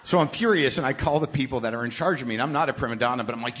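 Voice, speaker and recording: A middle-aged man hosting a live podcast, telling a profane, exasperated comic story in sudden loud bursts. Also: on the high side, big pitch swings, fast talker, few pauses. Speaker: podcast host. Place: live stage show. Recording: live venue with faint noise.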